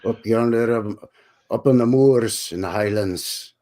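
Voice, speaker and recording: A man putting on an exaggerated, jokey Scottish Highlander voice in a put-on Scottish accent, drawing out his words. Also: unhurried, warm tone, lightly acted. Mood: hammy.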